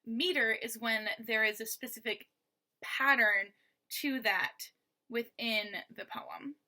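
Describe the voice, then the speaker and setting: A woman's voice: fairly high pitch, takes it slowly, sharp tone. A woman teaching a lesson, patiently explaining and stressing words aloud to show the rhythm.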